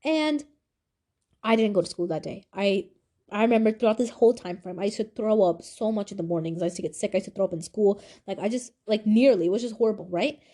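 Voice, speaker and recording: A woman's voice: mid-range voice, fast talker, mellow. A young woman, around eighteen, candidly telling a personal story in a rambling, casual way full of "like" and "you know". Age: young adult. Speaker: vlogger.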